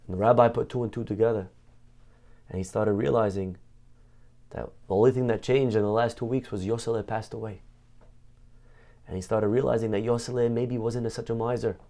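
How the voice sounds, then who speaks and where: A man, a rabbi, teaching a Torah class through a story. He tells it dramatically, slowing down and lifting his voice at the emotional peaks. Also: mid-range voice, warm tone.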